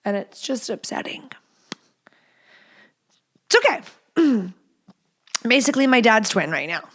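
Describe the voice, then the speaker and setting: A woman's voice: fairly high pitch, expressive, normal speed, a bit bright. Chatty woman hosting a podcast. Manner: chatty, rambling, self-mocking, drops into whispers. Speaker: podcast host. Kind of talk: casual solo podcast chat. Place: home.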